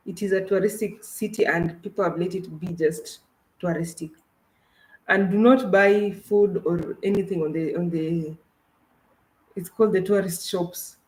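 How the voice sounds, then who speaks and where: On a casual livestream, a Kenyan woman who makes travel vlogs animatedly tells her co-host about her trip, with lots of restarts. Her voice is fairly low and a little mellow, heard through roomy, poor-quality audio.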